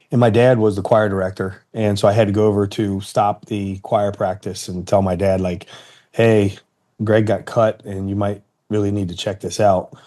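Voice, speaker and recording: Low, mellow-voiced man recalling his father. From Cincinnati, Ohio, United States. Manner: measured, earnest, with restarts. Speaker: interview guest, retired fighter. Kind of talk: reflective interview storytelling.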